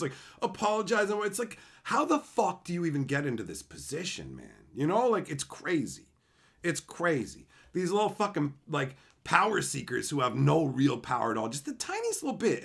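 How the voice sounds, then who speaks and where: Animated, swearing man telling stories. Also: a little high. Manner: profane, animated, acts out quoted people. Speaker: channel host. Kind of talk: casual storytelling rant.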